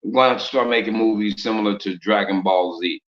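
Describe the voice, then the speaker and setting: A religious speaker gives an informal sermon in streetwise slang, rapidly firing off rhetorical questions. His voice is lowish, fast, and a little bright, in a muffled lo-fi recording with a roomy echo.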